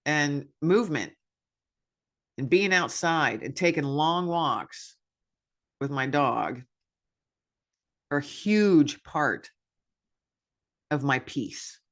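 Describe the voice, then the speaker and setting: A woman's voice: deep voice, animated, extremely slow, long pauses. A woman podcast host talking candidly in a personal reflection monologue, self-deprecating and upbeat.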